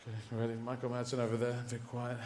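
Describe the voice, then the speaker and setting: A man's voice: medium pitch, completely flat delivery, very fast, a little mellow, roomy sound, slight background noise. Rambling stand-up comedian, man. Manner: rambling, playful, with sound effects.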